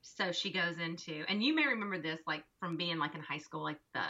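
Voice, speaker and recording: Woman, bright tense voice, expressive storyteller, muffled lo-fi sound. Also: lowish voice, brisk. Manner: expressive, acts out quoted dialogue. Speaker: podcast co-host and mother. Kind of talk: casual chat, animated storytelling. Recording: dull lo-fi recording.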